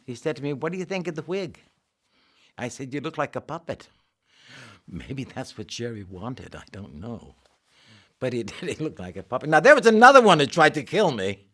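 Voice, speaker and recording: Older man, animated storyteller. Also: mid-range voice, normal speed. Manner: animated, acts out voices in his stories. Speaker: actor interviewee. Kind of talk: anecdotal interview storytelling.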